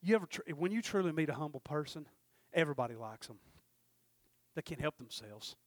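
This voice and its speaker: A man preaching a sermon, telling folksy stories and acting out the dialogue, swinging from shouted peaks down to low murmurs. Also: expressive, a little fast, dry recording. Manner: folksy storytelling with acted-out dialogue. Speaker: pastor.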